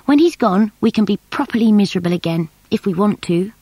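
A woman's voice: mid-range voice, animated, fast talker, warm tone, slightly rough, no room sound. A woman reading an eager, bossy girl.

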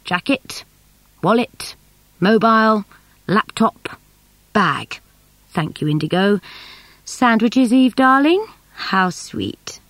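A woman's voice: mid-range voice, lively intonation, takes it slowly, pauses often, a bit bright, no room sound. Breezy, jovial dad heading off for work, read by a woman; dry and close. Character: cheerful father leaving on a work trip.

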